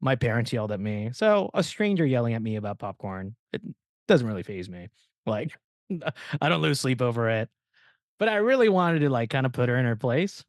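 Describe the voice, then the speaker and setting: A man in his thirties hosts a casual podcast, telling a long story with lots of asides. He slips into quick impressions of the people he talks about. His voice sits in a middle register, recorded close and dry. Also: medium pitch, no room sound. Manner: animated storyteller, acts out quoted dialogue. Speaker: podcast host.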